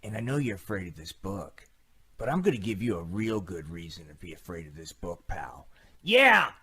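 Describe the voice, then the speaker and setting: A performer voicing a tough-guy Jesus puppet who trash-talks and fights Satan in a comedy puppet show, gruff and macho. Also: sits low, sing-song, normal speed, bright, forceful tone, exaggerated voice. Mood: shouting brawl. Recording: submitted home video.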